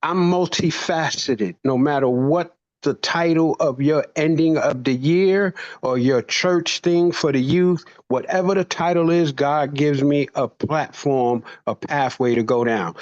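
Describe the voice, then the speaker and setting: A man from New York, telling stories in an animated, playful way and acting out the dialogue. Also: a little high, a little slow, hardly any pauses. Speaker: motivational speaker. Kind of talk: storytelling talk. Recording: dull lo-fi sound.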